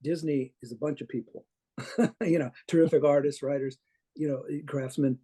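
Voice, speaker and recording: A man with a soft, mellow, slightly hoarse voice sits in as a guest on a casual interview. He tells long anecdotes in a loose, meandering way, breaking off and restarting his sentences and chuckling as he goes. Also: a little high, fairly even intonation, moderate pace. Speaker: guest comic artist.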